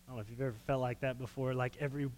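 A man preaching a sermon, retelling a story in an animated, folksy way. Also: mid-range voice, rapid-fire, long reverb tail.

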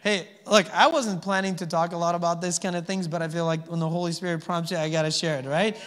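High-voiced man preaching in a reverberant hall. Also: little pitch movement, fast talker, a bit bright. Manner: conversational preaching with frequent "amen?" and "okay?" checks. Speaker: pastor. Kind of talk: sermon.

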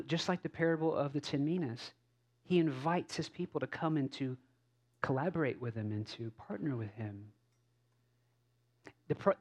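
A man preaching as a pastor in a relaxed, conversational sermon, telling stories with asides and frequent restarts. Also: on the high side. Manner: casual, self-correcting, storytelling with asides. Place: church service.

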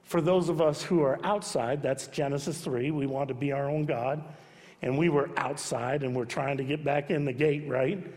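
A man preaching a sermon as pastor, emphatic, swinging between loud urging and soft hushed repetition. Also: on the high side, fairly even intonation, moderate pace. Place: church sanctuary. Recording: long hall reverb.

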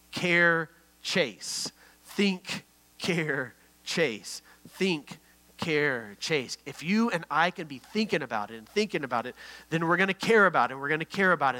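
A middle-aged male pastor preaching an earnest, story-led sermon. His voice sits a little higher than most men's and rings bright and forceful. He often drops to a near hush for the tender parts. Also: poor audio.

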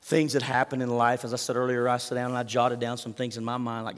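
A male pastor with a twang delivers a conversational sermon, pitched right in the middle for a man. He jumps into the quoted lines with a sudden lift in voice and volume, then drops back to a plain, confiding tone. The sound carries a long hall reverb, as if heard in a big church. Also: a little fast, few pauses. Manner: animated storytelling, acts out quoted lines with rising pitch and volume.

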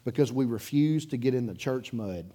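A man preaches as pastor to his congregation in the church sanctuary, his mid-range voice animated, breathy-edged, and at normal speed. The story he tells is loose and conversational, broken by chuckles and swinging from loud bursts to quiet asides.

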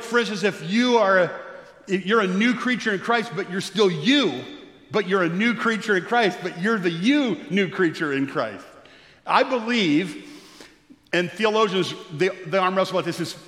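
High-voiced preacher in an echoing hall. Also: male voice. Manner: dynamic preaching, swings from loud and rising to soft and low. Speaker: pastor. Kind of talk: sermon. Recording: echoey church hall with long reverb.

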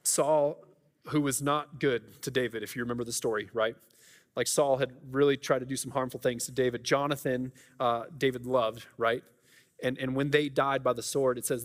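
A man's voice: medium pitch, fairly even intonation, moderate pace, big-room sound. A man preaching a sermon as a pastor, talking in an earnest, conversational way with many restarts and asides. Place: church auditorium.

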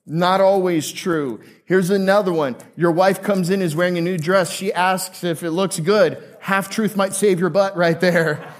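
A man's voice: high-pitched, steady tone, unhurried. A male pastor preaching a conversational sermon to a live congregation, joking and asking them questions.

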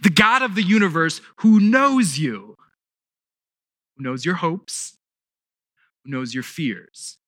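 A middle-aged male pastor preaching a sermon, emphatic and deliberate, repeating key words with pauses for weight. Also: high-pitched, pushed and bright, no echo, studio quality.

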